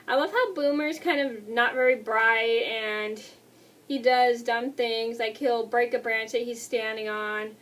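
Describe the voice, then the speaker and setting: Young woman in her twenties, high voice, quick rambling vlog talk, heard a bit off the mic. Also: fairly even intonation, fairly bright tone, recorded from a distance. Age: 20s. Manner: fast, rambling, apologetic. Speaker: vlogger. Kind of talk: casual movie review.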